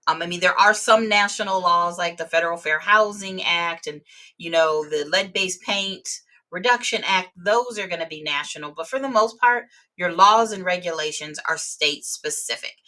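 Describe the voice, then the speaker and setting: A woman's voice: on the low side, normal speed, bright, forceful tone. A woman teaching real estate exam vocabulary in a live webinar, explaining terms with everyday examples.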